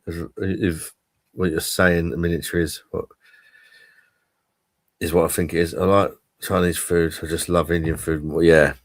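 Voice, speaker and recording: A man's voice: sits low, flat delivery, normal speed, long pauses, no room sound. A man hosting a casual online pub chat, rambling and swearing cheerfully about food. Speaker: livestream pub chat host. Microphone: streaming call mic.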